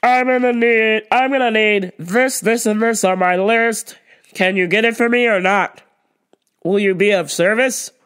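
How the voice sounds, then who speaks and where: A pushy, entitled woman shopper who talks down to store staff, loud and haughty, as a woman puts her on. Her voice sits a little higher than an ordinary speaking voice, and it pushes hard and demands attention. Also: measured pace, smooth. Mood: demanding.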